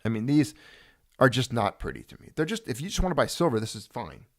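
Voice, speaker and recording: Animated joking man hosting a chat. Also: mid-range voice, quick pace. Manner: animated, jokey, talks straight to viewers. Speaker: host. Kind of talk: casual chat.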